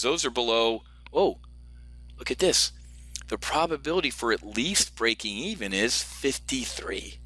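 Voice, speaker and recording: A man's voice: medium pitch, bright, forceful tone. A middle-aged man coaching options trading from home, talking through a screen-share lesson in a brash, joking way and calling his viewers "folks". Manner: brash, jokey, talks straight to viewers as folks. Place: home office.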